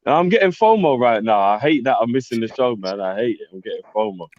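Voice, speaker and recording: A man dropping into a football chat from outside, slangy and halting as he argues his pick. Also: mid-range voice, expressive, darkish tone, lo-fi sound. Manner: slangy, halting, confident opinions. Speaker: guest co-host. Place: on the move, joining by phone.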